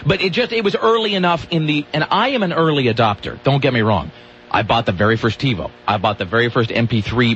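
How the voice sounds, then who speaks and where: Male radio host, lively rambling banter, muffled lo-fi broadcast, faint hum. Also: medium pitch. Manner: rambling, animated storytelling. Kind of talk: casual radio chat.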